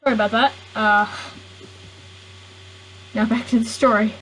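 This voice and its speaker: A woman's voice: on the high side, fairly even intonation, unhurried, slight background noise, poor audio. Rambling, giggly woman telling a story. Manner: rambling, giggly, keeps interrupting herself. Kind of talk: improvised silly story narration.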